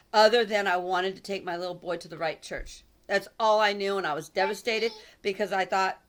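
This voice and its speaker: A woman's voice: medium pitch, a bit bright. A middle-aged woman giving a heated, repetitive religious monologue, with fervent outbursts. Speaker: online religious speaker. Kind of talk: impassioned preaching monologue.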